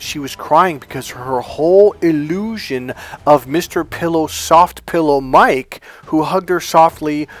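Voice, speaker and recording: A man working as a dating coach, delivering a motivational monologue through emphatic, profanity-laced storytelling. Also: fairly high pitch.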